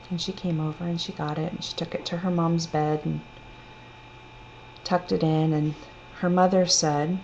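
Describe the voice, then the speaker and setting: A woman telling a personal story in a gentle, reflective, unhurried way. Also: fairly low pitch, fairly even intonation, creaky. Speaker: storyteller sharing a personal testimony. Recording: dull lo-fi recording with faint hum.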